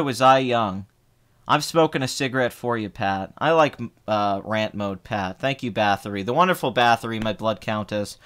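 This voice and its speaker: A man's voice: medium pitch, fairly bright tone. A man in his twenties, hosting a film channel, ranting heatedly and with profanity in casual live stream chat. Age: 20s. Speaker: film review channel host.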